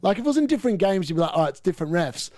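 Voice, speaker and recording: Excitable high-voiced male football watchalong host. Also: rapid-fire, dry recording. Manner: excitable, yells at chances on screen; ranting, opinionated. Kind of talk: live football watchalong commentary.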